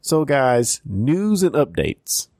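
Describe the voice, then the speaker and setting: A man's voice: mid-range voice, big pitch swings, slow, a little mellow, no echo, studio quality. A man hosting a fan podcast, upbeat and chatty as he introduces guests and reads plugs. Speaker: podcast host. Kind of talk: casual podcast chat.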